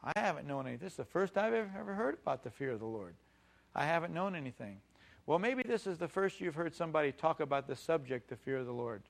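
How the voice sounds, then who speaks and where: Middle-aged male preacher, emphatic sermon delivery, fairly high voice. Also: animated, fast, vocal fry. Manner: emphatic preaching with call-and-response questions. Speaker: pastor.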